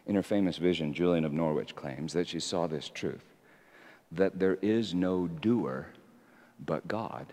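Male preacher, lowish and animated, reflective to fervent; big reverberant hall. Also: a little slow. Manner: builds from quiet reflection to fervent, rising exhortation. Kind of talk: sermon. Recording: echoey hall.

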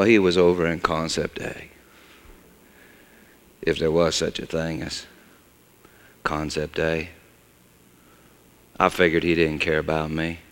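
An actor playing a bitter, joking redneck shepherd with a drawl, performing a theatrical monologue on a stage in a large hall. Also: male voice, clear, resonant tone. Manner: folksy drawl, swings from loud mockery to low bitterness. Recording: long reverb of a large hall.

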